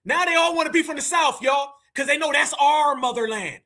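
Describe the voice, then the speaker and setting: Loud, very high, bright-voiced male host. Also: a little fast. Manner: loud, mocking, often shouting. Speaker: livestream host reacting to a clip. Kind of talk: heated commentary.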